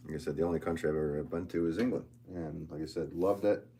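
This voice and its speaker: Low-voiced connecticut guy with the local accent, potter reading live chat, jokey and rambly, bit of noise in the room. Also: fast talker, dark tone. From Connecticut, USA. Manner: chatty, joking, self-mocking, restarts often. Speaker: potter hosting a livestream. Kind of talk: casual livestream chat reading comments. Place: pottery studio.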